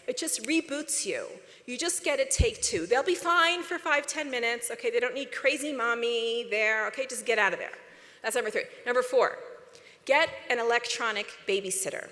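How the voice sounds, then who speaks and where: Middle-aged woman speaker, lively and direct, fairly high voice, reverberant hall. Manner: lively, direct, drops to a whisper. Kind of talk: motivational talk to an audience. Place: large convention hall.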